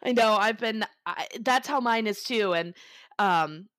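A woman's voice: medium pitch, a little slow, fairly bright tone, no echo, studio quality. Chatty, tearful woman co-host. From Florida, United States. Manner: chatty, laughs often, tearful and candid. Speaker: podcast co-host. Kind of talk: casual chat.

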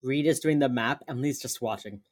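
Casual podcast co-host, a woman with a very deep voice, acting out scenes as she recaps them. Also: a little fast. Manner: animated retelling, acting out characters' lines, laughs often. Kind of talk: casual chat.

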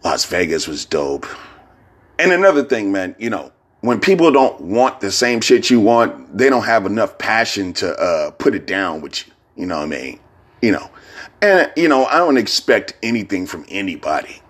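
A hungover man rambling in a casual vlog, profane and laughing, sending shout-outs. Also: lowish voice, sing-song, moderate pace.

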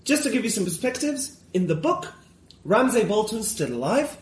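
A man's voice: high-pitched, very animated, moderate pace, echoey room. A man talking as a guest in a casual conversation, enthusiastic and opinionated, wandering off on tangents.

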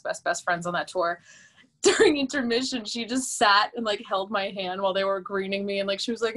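A bright, chatty young woman with a mid-range voice tells a story as a podcast guest; she's a musical theater performer. It's casual interview storytelling, and she's animated, uses many fillers and laughs often.

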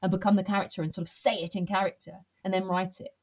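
A woman talks as a guest on an interview podcast. She is animated and expressive, dropping to near-whispers and then rising loud for emphasis. Her pitch sits in the middle range. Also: fast talker. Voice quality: animated, expressive storyteller, swings loud and soft. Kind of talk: casual interview chat. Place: at home.

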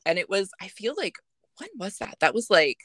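A woman's voice: medium pitch, very animated, moderate pace, a bit bright, no echo. A young woman co-hosting a podcast in casual chat, laughing often and talking with many fillers. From Canada. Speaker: podcast co-host.

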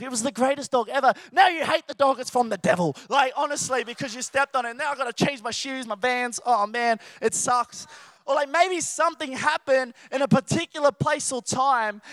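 A man preaching, his voice pitched very high and bright with a forceful ring. He tells stories in an animated way and drops into playful acted-out voices. The sound is dry and close. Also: dry recording. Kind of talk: sermon.

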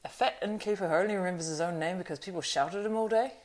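A woman voicing a grim, watchful male ranger who speaks in a quiet, measured, grave way. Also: fairly low pitch, pitched above the performer's own voice, close to an everyday voice. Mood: challenging.

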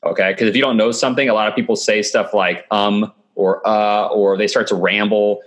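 A man's voice: lowish voice, fairly even intonation, a little fast. A man being interviewed over a video call, giving sales advice in a confident, coaching tone. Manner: confident, coaching tone with frequent "okay" and "right". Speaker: guest. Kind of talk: remote podcast interview.

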